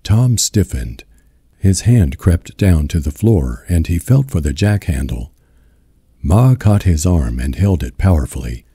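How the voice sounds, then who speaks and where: Deep male narrator, very dark, husky, slow measured audiobook reading, lively inflection. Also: dry recording, clean studio sound. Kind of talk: scripted narration.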